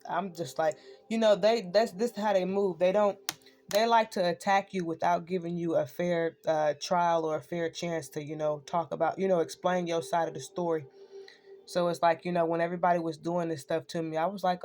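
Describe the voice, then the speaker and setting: A woman's voice: on the low side, steady tone, fairly quick, darkish tone, soft background music. A woman ranting in a casual spoken monologue, swearing freely and tossing in "right?" again and again. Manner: profane, ranting, keeps asking "right?". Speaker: online spiritual speaker.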